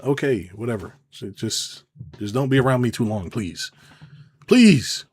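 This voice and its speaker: A man who works as a business consultant, ranting casually to camera in a sarcastic, profane and rambling way, jumping between loud outbursts and low mutters. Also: normal speed, husky.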